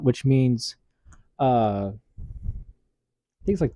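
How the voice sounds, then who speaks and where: A male YouTube commentator talking through a story in a casual, rambling way, full of fillers and restarts. His voice is mellow and dark in tone. It is recorded dry on a close mic with no room sound. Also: on the high side, lively intonation, unhurried, long pauses, no room sound.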